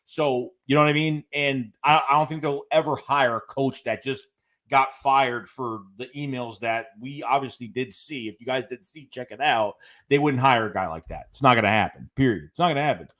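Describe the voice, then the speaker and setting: A man's voice: medium pitch, moderate pace, a bit bright. Guy ranting on his live stream, rambly, says stuff twice, reads off viewer messages. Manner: rambling, repeats phrases, many fillers; reads viewer chats aloud between rants. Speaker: fan channel host. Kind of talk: live-stream sports rant.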